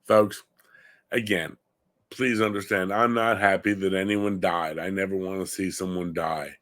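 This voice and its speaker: A middle-aged man from Long Island speaks, giving opinionated commentary on a gun show. His voice sits fairly low, and his delivery is indignant, climbing into heated emphasis. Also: steady tone, unhurried, a bit bright. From Long Island, New York.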